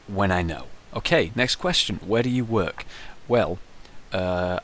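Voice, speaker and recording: A young man with a low voice answers viewer questions in a casual vlog, rambling through stories packed with fillers in a conversational way. The recording has a little hiss or hum.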